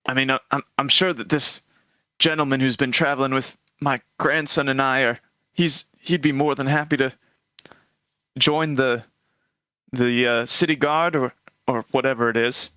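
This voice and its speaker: A man's voice: medium pitch, pushed and bright, no echo, natural voice. A man voicing an old grandparent traveler, polite and overly grateful, who keeps thanking people. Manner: fawning, thanks people repeatedly.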